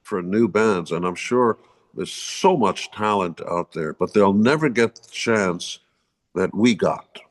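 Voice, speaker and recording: A man's voice: lowish voice, slow. An older man in his seventies, a musician guest telling stories in a blunt, opinionated and profane way. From United States. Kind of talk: casual interview storytelling.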